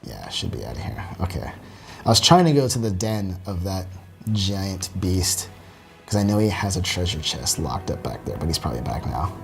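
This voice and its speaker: A man giving relaxed, halting commentary while demonstrating a video game, with many fillers. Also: low voice, vocal fry. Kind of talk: casual gameplay commentary. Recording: faint game music behind.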